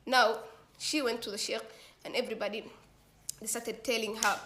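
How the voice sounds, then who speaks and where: A woman's voice: a little high, brisk, noisy background. A woman telling a story in a casual, slangy way, acting out the dialogue as she goes. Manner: slangy, animated retelling with quoted dialogue.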